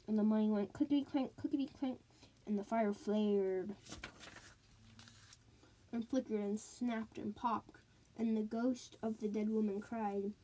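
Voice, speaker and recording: Storyteller woman, slow, spooky tales, repeats lines in a sing-song way, soft mellow voice. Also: medium pitch, steady tone, rough recording. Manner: sound words and sing-song repetition.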